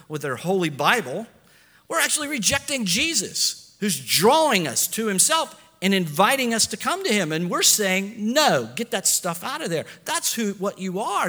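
A man's voice: high voice, pushed and bright. A man preaching a sermon as pastor, building emphasis and acting out quotes in his own voice. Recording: long echo of a large hall.

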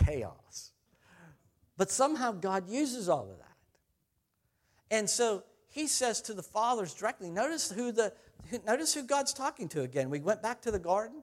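A middle-aged pastor preaching with a fairly high voice. He talks to the congregation in a loose, conversational way, pokes fun at himself and laughs often. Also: sing-song, normal speed. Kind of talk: sermon.

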